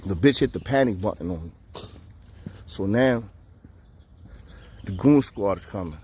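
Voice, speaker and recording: In an unhurried, lowish voice, a man tells the camera about his time in jail, acting out the voices of those in the story. His delivery is animated and full of profane street slang. Slight background noise is present.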